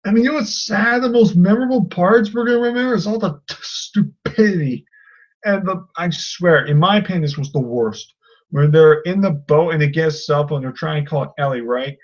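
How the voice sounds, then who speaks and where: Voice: mid-range voice, fairly quick, lo-fi sound. A video reviewer in a casual vlog, ranting in an exasperated way with many fillers. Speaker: film reviewer.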